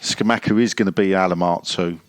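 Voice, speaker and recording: A man's voice: deep voice, fairly even intonation, fairly quick, no echo. A man co-hosting a football podcast, reading out listener questions with blunt, sweary, mocking remarks. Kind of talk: casual football podcast banter.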